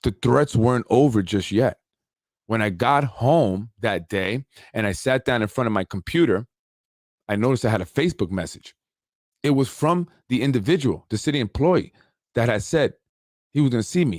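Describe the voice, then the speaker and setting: A man hosting a talk show, telling a story in a casual, animated way with street slang and repeated points. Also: medium pitch, normal speed, dry recording, clean studio sound. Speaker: show host.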